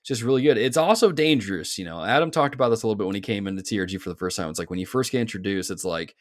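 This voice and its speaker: A man's voice: fairly low pitch, animated, rapid-fire, no room sound, studio quality. A man co-hosting a podcast in casual chat, laid-back and rambling as he reads listener mail. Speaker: podcast co-host.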